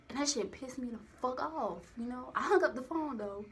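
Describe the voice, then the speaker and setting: A woman's voice: high voice, lively intonation, a little fast, slight background noise. A young woman telling a personal story into a phone camera, rambling and candid with lots of profanity and slang. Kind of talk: casual storytime monologue.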